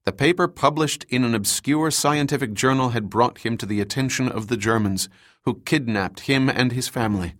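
A man reading an audiobook in measured scripted narration. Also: medium pitch, a bit bright, dry recording, clean studio sound.

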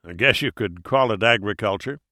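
A man's voice: lowish voice, brisk, pushed and bright, no room sound, studio quality. A man playing a burly, world-weary male FBI agent who talks bluntly and wryly. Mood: emphatic. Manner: blunt, wry, launches into monologues.

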